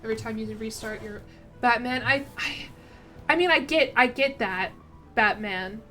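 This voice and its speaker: A woman streams a strategy game, her slightly high voice chatting along in a loose, rambling way as she thanks chat and pokes fun at herself. Faint music plays quietly under her talk. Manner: chatty, rambling, self-deprecating, reads out chat. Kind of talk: casual gameplay stream chat.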